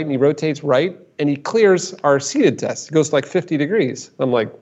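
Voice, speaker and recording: A man's voice: medium pitch, a little fast. A man talks through a story as the guest expert in a casual conversation. He repeats himself as he builds up each point and slips into the voices of people he quotes. The sound is muffled and lo-fi. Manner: animated, repeats words, acts out quotes.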